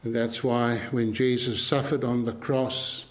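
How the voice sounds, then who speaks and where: A man's voice: mid-range voice, flat delivery, unhurried. A man preaching a sermon in an earnest, emphatic way, repeating his key phrases for weight.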